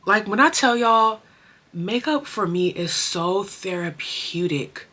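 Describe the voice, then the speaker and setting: A woman's voice: mid-range voice, animated, takes it slowly, bright, forceful tone. A young woman chatting expressively through her makeup routine, full of slang and emotion, as a beauty vlogger. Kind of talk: casual chatty makeup tutorial.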